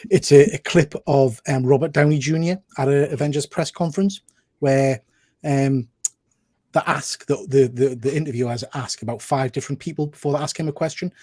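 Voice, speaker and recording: A man talks casually on a group video call. He rambles and pokes fun at himself. His voice is husky and mid-pitched, and the sound is dry and close. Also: warm tone, no room sound. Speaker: panelist. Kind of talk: casual chat.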